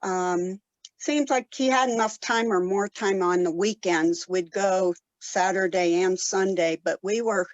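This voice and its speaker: A woman in her seventies from Colorado, telling stories in a casual interview with many pauses and fillers. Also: mid-range voice, no room sound, lo-fi sound. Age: 70s. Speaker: guest, ultrarunner.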